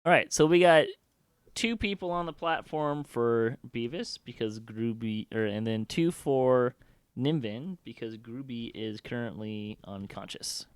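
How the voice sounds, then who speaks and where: A man running a tabletop game as game master on a stream, talking in a relaxed, halting way full of fillers. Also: mid-range voice, smooth, dry recording.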